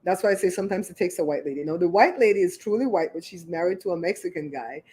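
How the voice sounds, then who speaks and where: A woman's voice: fairly low pitch, fast talker, dark tone, slightly rough. A woman hosting her own livestream, chatting casually and retelling a neighborhood story with lots of asides. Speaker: show host.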